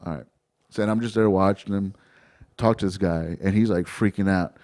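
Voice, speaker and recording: A man co-hosting a comedy podcast, telling a road story in a loose, profane, animated way and acting out the people in it. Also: low-pitched, a little fast.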